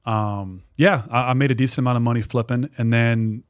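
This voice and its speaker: Man in his forties, mid-pitched voice, lively podcast guest who repeats himself and swears. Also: a little fast, clean tone. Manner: animated, repetitive, swears freely. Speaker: guest, dog trainer and business owner. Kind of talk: casual podcast storytelling.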